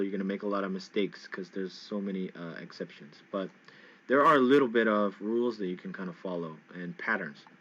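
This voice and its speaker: Low-voiced man teaching English stress. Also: fairly bright tone, highs cut off. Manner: loose and repetitive, with many fillers and checks like "okay?" and "right?". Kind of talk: casual spoken lesson.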